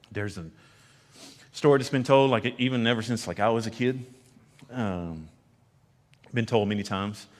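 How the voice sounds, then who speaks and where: A man preaching a sermon as pastor, swinging between loud emphasis and hushed, low lines. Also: in a large hall. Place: church sanctuary.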